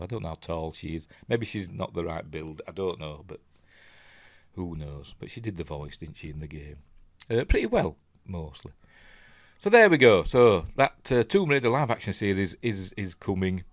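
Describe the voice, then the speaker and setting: A man's voice: low voice, dry recording. A man with a Yorkshire accent giving casual news commentary, chatty and rambling, with lots of tag questions. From Yorkshire, England. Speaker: news vlogger.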